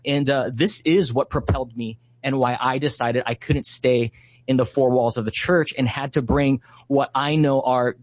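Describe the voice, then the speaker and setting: A man's voice: mid-range voice, fairly even intonation, normal speed. Earnest man telling a faith story. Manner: heartfelt, with frequent "uh" and "you know". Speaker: ministry leader and guest.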